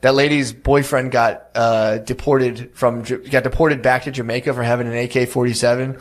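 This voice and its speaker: A man's voice: mid-range voice, level tone, moderate pace. A man on a podcast telling a crude story in a loose, rambling way, calling everyone "dude" as he goes. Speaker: podcast guest. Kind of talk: casual storytelling chat.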